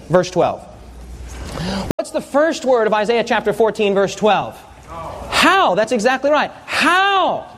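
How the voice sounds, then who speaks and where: A man's voice: high voice, a little hiss or hum. A man preaching a sermon, telling a personal story and asking the congregation questions.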